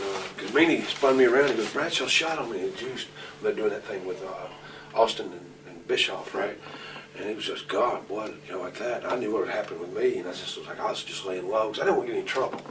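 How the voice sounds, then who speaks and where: A man in his forties telling rambling, profane stories as a wrestler in an interview. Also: on the low side. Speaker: pro wrestler interview guest. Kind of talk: shoot interview storytelling. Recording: distant mic, noisy room ambience.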